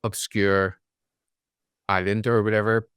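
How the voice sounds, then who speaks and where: A man with a Belfast accent hosts a casual podcast chat. His voice sits a little low and sounds smooth and clear. The sound is dry and close, with no room around it. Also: level tone, unhurried, a bit bright, dry recording. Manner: chatty, rambling, full of likes and asides. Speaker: podcast host.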